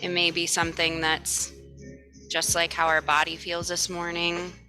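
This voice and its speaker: A woman leads a morning yoga class in a relaxed, chatty way, moving into slow, soothing breath cues. Her voice sits a little low but comes across bright and forceful, with faint music playing behind her. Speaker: yoga instructor.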